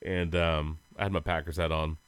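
A man's voice: rumbling low, level tone, moderate pace, clear, resonant tone, dry recording. A man co-hosting a sports podcast, telling rambling, goofy stories in casual chat and laughing often. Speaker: podcast co-host.

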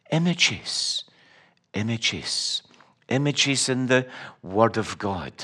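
A man's voice: medium pitch, a bit bright. A middle-aged Scottish man preaching a sermon, telling stories with wry humor and emphatic repetition. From Scotland.

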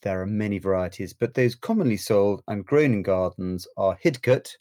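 A man's voice: on the low side, moderate pace. Playful man podcast co-host. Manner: playful, warm chatter with laughs. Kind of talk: casual podcast chat.

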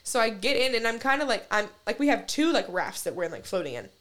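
A woman's voice: a little high, sing-song, fast talker, fairly bright tone. A young woman on a podcast telling a long story in casual chat, rambling and profane, with constant "like". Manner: rambling, heavy use of "like", profane. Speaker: podcast co-host.

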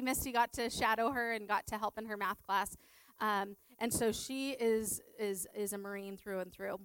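Halting woman teacher, smooth voice. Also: a little high, dry recording, poor audio. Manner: halting, repeats words, many fillers; drops to a hushed voice at sad moments. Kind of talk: personal testimony to an audience.

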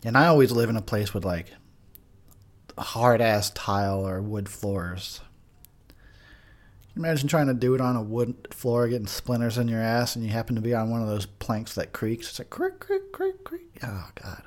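A man's voice: on the low side, moderate pace. A tipsy man giving crude, rambling drunken movie commentary, laughing often. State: drinking, tipsy.

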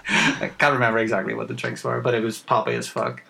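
Male co-host, gravelly, sweary casual banter, remote call. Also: medium pitch, quick pace, a little hiss or hum, rough recording. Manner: sweary, laughing, relaxed banter. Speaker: podcast co-host. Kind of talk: casual chat.

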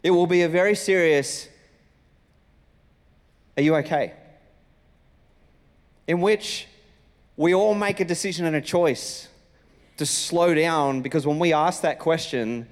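A male Australian pastor gives a sermon in a relaxed, storytelling way, slipping into little voices for the greetings he quotes. His voice sits somewhat high and rings out with long reverb in a large church hall. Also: moderate pace. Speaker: senior pastor. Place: church auditorium.

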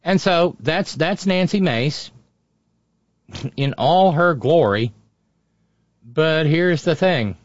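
A man's voice: fairly high pitch, animated, slow pace, pauses often, no echo. Sarcastic talk show guy ranting, mocking tone, dry muffled audio. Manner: mocking, sneering, does mocking impressions. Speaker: political talk show host. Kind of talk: sarcastic political commentary.

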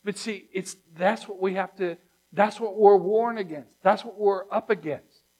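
A man preaching a sermon as pastor, talking to his church in a conversational, emphatic way that swings from loud to hushed. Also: sits high, measured pace.

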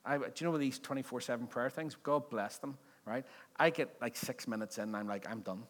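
Speaking a little fast in a mid-range voice, a male pastor delivers a sermon before his congregation. He keeps it conversational and humorous, frequently asking the people questions.

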